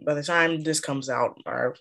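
A young woman co-hosting a podcast in casual chat, with a calm, soothing voice and frequent giggles. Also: low voice, creaky. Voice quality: calming voice. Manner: slow, soft-spoken, giggly. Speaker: podcast co-host.

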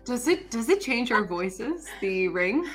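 A woman's voice: a little high, very animated, measured pace, music in the background. A woman playing a tabletop game, giggly and self-deprecating as she chats with friends. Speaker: player. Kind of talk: casual game table chat.

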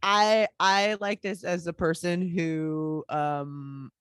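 A woman with a somewhat low voice chats as a podcast co-host. She laughs easily and wanders through her thoughts, often restarting her sentences. The recording is dry and close-miked. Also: fairly even intonation, slow pace, clean tone, no echo. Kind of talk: casual chat.

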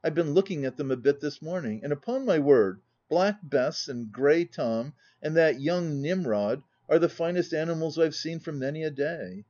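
A man voicing a brash, boisterous young country gentleman who talks in a loud, blustering way, read as part of a storybook. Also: on the high side, animated, moderate pace, hardly any pauses, highs cut off. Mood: boastful.

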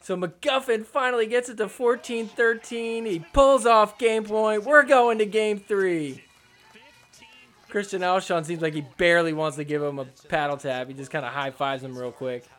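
A man's voice: high-pitched, moderate pace, fairly bright tone. A young man hosting a podcast, recapping a sports match in a casual, sarcastic way and mocking the players with imagined lines. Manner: sarcastic, jokey, voices players' imagined thoughts. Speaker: podcast host.

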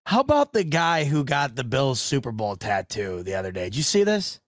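A man's voice: medium pitch, big pitch swings, normal speed. A man hosting a casual sports podcast, rambling and venting with frustration and some swearing. His mid-range voice sits close to the mic in a dry, dead room with no echo. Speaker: podcast host.

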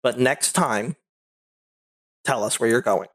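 A man's voice: mid-range voice, slow, fairly bright tone, voice pushed down. A man doing a stern tired mother. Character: stern tired mother, middle-aged woman.

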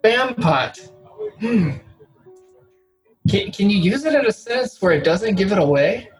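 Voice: medium pitch, lively intonation, normal speed, a little mellow, husky, soft background music, poor audio. Easygoing podcast guest. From Southern US. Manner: easygoing, puzzled guessing. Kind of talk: casual chat.

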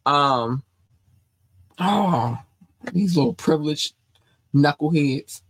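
A woman's voice: low-pitched, lively intonation, slow, a little hiss or hum, low-quality recording. A young woman from North Carolina hosting an entertainment podcast, ranting in a blunt, profane, scolding way. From North Carolina, USA. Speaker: podcast host. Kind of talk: entertainment news podcast commentary.

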